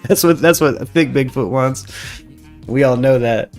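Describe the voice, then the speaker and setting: A man's voice: mid-range voice, measured pace, darkish tone, soft background music. Crude joking male podcast host. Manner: crude, joking, laughs often. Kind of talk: casual banter. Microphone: headphones and studio mic.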